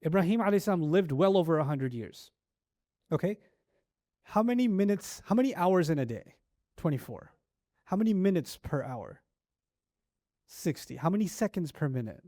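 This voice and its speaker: Man giving an animated Quran lecture. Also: sits high, normal speed, long pauses, dry recording, clean studio sound. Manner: animated storytelling, rhetorical questions. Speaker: Islamic teacher.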